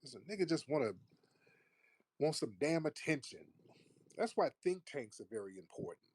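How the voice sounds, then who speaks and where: A man's voice: on the high side, sing-song, moderate pace, husky, no echo. A man hosting a call-in livestream, arguing with callers in a combative, mocking, profane way. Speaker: livestream host. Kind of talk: heated call-in debate.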